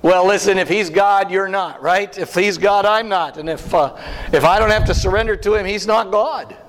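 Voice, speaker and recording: A man preaching a sermon as pastor, animated and full of rhetorical questions and asides to the congregation. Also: high voice, moderate pace. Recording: long hall reverb.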